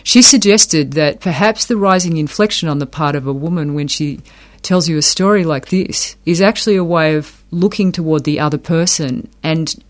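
A man explaining academic ideas in an interview, thoughtful, often repeating words as he works a point out. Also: on the high side.

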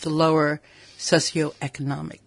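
A woman with an American accent, telling her life story in a relaxed interview, soft and melodic with easy laughs and ums. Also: low-pitched, measured pace, gravelly, breathy edge, no echo. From United States. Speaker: interview guest.

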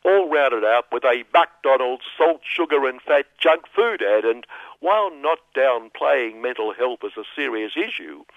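A man's voice: mid-range voice, expressive, a little slow, no echo. A man delivering a sardonic, mocking satirical monologue as a radio commentator. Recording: dull, dry lo-fi radio sound.

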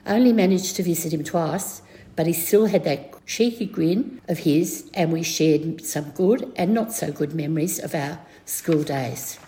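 A woman's voice: sits low, a little slow, dark tone, a little hiss or hum. An older woman reading a reflective memorial tribute for a school friend.

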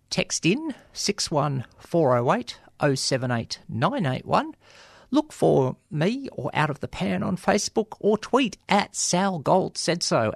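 A man's voice: on the high side, creaky, dry recording, studio quality. A man with an Australian accent hosting a community radio show, talking casually with many ums and wry, joking asides. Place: radio studio. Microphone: studio microphone.

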